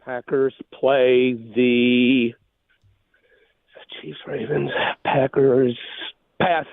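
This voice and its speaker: A man calls in to a radio quiz over a phone line that sounds thin. He is easygoing and jokes about himself, and his voice is mid-pitched. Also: level tone, extremely slow, creaky, no room sound. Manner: easygoing, self-mocking. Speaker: caller, quiz contestant.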